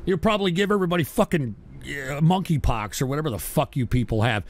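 Man, angry profane stream host, high gravelly voice, wild swings in pitch. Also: lively intonation, quick pace. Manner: angry, cursing, erratic, breaks into singing. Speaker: livestream talk show host. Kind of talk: profane live-stream rant reading donations.

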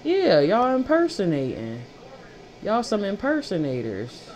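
A woman reads tarot in a loose, unscripted monologue, blunt and heavy on profanity. Her pitch swings widely as she drives points home with repeated phrases, sitting at a middling height for a woman. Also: huge pitch swings, unhurried, darkish tone. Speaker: tarot reader. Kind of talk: casual tarot reading monologue.

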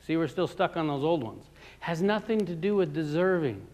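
A man preaching a sermon in a conversational way, asking his listeners questions and moving between loud emphatic lines and quiet ones. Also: a little high, lively intonation, moderate pace. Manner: conversational, asks the audience questions.

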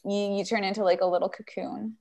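A woman co-hosting a casual game stream, upbeat and quick to laugh. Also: medium pitch, little pitch movement, gravelly, darkish tone. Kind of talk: casual chat.

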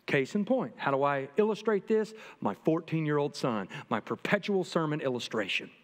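High-voiced middle-aged man preaching a sermon. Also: moderate pace. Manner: lively, humorous, talks straight to the congregation. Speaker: pastor. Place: church sanctuary. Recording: long reverb from a church hall.

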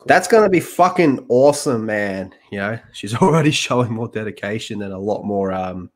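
A man's voice: lowish voice, animated, moderate pace. A man hosting a casual reaction podcast, reading news aloud and trading profane jokes with co-hosts. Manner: joking, profane, banter with co-hosts.

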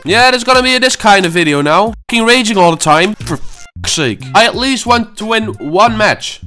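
A man's voice: high voice, animated, normal speed, pushed and bright, faint music behind. A man in his twenties at home, swearing and ranting in frustration while commenting on his own gameplay. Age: 20s. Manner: angry, swearing, frustrated muttering. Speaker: gaming channel host.

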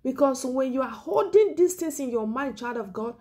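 Woman evangelist preaching, mellow dark voice, pleading and repeating herself, drops to a whisper sometimes, sounds close to tears. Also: sits high, expressive, moderate pace. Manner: earnest, repetitive pleading; drops to a whisper on key words. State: emotional, near tears. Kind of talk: exhortation sermon.

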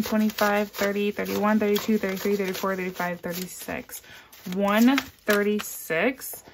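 Soft-spoken woman counting cash aloud. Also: background noise. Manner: counts bills aloud in a soft, low murmur; chatty and upbeat between counts. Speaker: budgeting vlogger. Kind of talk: casual cash-stuffing vlog.

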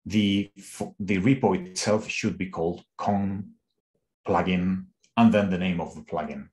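Slow, deep-voiced man demoing code. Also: steady tone, darkish tone. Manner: unhurried, thinks aloud with restarts. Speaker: engineer presenting a live demo. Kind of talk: screen-share coding walkthrough.

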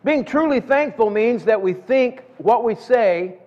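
In a church sanctuary, a middle-aged pastor with a very high voice preaches a folksy sermon in an animated, unhurried way, often repeating words as he builds toward a point. The sound is dull, with long church-hall reverb.

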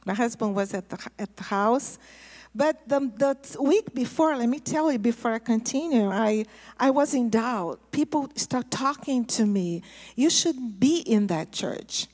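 A woman pastor telling a testimony in a sermon, storytelling in a lively way and repeating words for emphasis. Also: fairly high pitch, moderate pace. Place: church sanctuary. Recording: long hall reverb in a church.

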